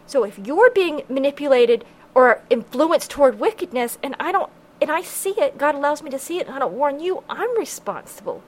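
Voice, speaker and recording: A woman's voice: high-pitched, sing-song, normal speed, a little hiss or hum, rough recording. A woman hosting her own religious podcast, speaking earnestly in a preachy way and quoting scripture in old-fashioned wording. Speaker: podcast host.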